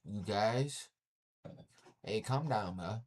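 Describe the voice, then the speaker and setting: A man's voice: fairly low pitch, expressive, very slow, slight background noise. Profane man ranting to live chat. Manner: blunt and profane, says "yo" again and again; repeats himself for emphasis. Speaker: livestreamer. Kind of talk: casual rant to live chat.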